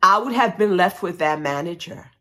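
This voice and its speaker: A woman podcast host telling a personal faith testimony, emotional and animated, breaking into praise. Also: on the low side, normal speed.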